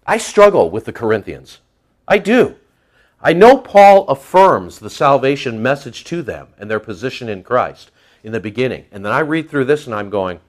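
A man preaching an expository sermon, conversational and animated, acting out the voices of churchgoers. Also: a little high, quick pace. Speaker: pastor.

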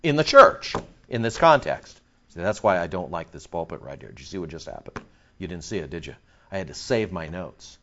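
A man preaching a sermon. He reads scripture aloud, explains it and jokes, swinging from low asides to excited outbursts. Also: fairly quick, a little hiss or hum. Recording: dull lo-fi recording.

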